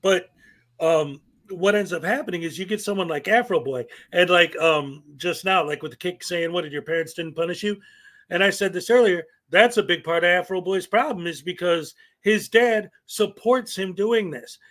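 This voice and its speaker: High-voiced man chatting as host. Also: normal speed. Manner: animated, repeats words when starting a thought. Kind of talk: casual chat.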